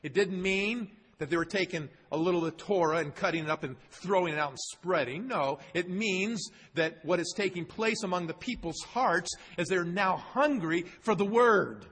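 A man's voice: high voice, expressive, moderate pace, hardly any pauses, fairly bright tone. A male pastor preaching an expository sermon, who quizzes his congregation and repeats key words for emphasis. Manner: asks the congregation questions, emphatic repetition. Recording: long hall reverb, husky.

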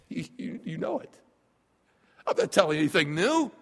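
A man preaching a sermon as pastor, emphatic, dropping to a hush and then rising loud. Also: a little high, sing-song, normal speed, vocal fry, husky. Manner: emphatic, swings from hushed to loud. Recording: long reverb of a large hall.

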